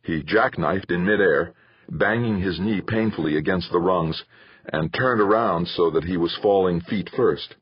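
Deep husky male audiobook narrator. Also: no echo, muffled recording. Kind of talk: scripted narration.

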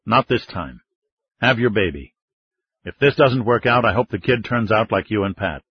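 A man's voice: on the low side, lively intonation, normal speed, close to an everyday voice. A man voicing a curt commanding president. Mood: firm. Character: resolute middle-aged man, U.S. president. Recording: slightly dull lo-fi recording.

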